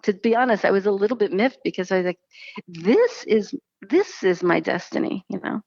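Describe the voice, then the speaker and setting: A woman, probably in her thirties, with a mid-range voice, talks briskly as she casually recounts a personal story. She animatedly performs the speech of those she quotes, recorded with dull audio and no room sound.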